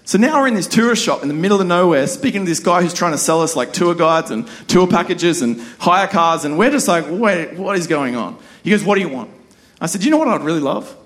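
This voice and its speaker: High-voiced man preaching a lively story. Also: brisk. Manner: animated storyteller, acts out quoted voices. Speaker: pastor. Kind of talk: sermon with personal story.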